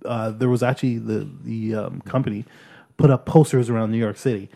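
A man's voice: lowish voice, steady tone, brisk, vocal fry, dark tone. Man co-hosting a casual podcast. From Canada. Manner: rambling, hesitant with many fillers. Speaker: podcast co-host. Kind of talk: casual chat.

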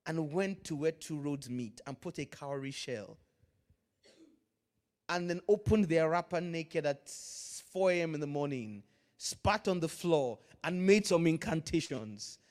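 A man preaching a sermon, swinging from loud, drawn-out lines to hushed asides, with Pidgin phrases mixed in. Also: on the high side. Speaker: pastor.

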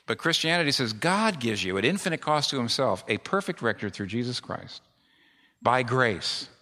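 A man's voice: mid-range voice, lively intonation, normal speed, bright, forceful tone. A middle-aged male pastor preaching a sermon with emphatic repetition. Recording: long reverb of a large hall.

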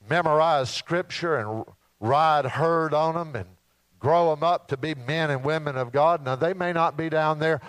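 Man preacher, folksy sermon storytelling, slightly high voice, dry close sound. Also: no echo, low-quality recording. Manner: folksy, animated storytelling with acted-out asides; mimics alarm beeps and announcements.

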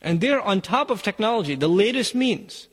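A man's voice: sits high, lively intonation, normal speed, husky, big-room sound. A man giving an urgent sermon to parents, exhorting them directly. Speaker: Muslim speaker.

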